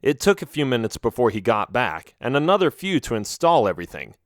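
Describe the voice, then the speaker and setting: A man narrates an adventure audiobook in the first person, at a mid pitch. His storytelling is expressive and his pitch moves a lot. The recording is close and dry. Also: brisk, no room sound.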